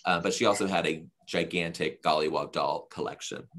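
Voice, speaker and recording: A man hosting a casual chat show, chatty and quick to giggle as he leads each segment. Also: low-pitched, fairly even intonation, fairly bright tone, slight background noise. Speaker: podcast host.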